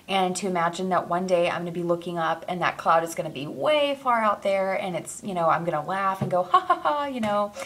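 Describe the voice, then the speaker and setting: A woman's voice: fairly low pitch, a little fast, hardly any pauses, a bit bright. A young adult woman talking casually to her camera in a personal vlog, rambling and emotional, with many fillers, restarts and small laughs. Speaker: vlogger.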